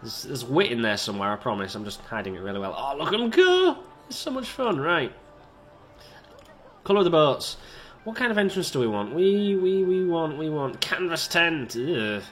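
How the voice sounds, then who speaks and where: In his let's-play of a park-building video game, a man offers loose, self-deprecating commentary and addresses the little characters. His mid-range voice is a bit bright.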